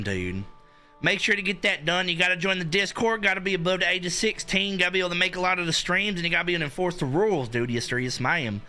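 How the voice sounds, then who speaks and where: Hyped young male streamer, bright and lively. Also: high-pitched. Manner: hyped, rambling, filler-heavy. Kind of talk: casual live-stream chat.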